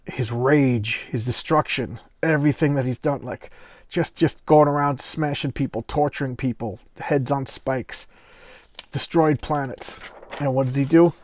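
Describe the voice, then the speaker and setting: A man hosting casual comic book commentary, retelling a story in an animated, rambling way. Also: mid-range voice, measured pace, no room sound.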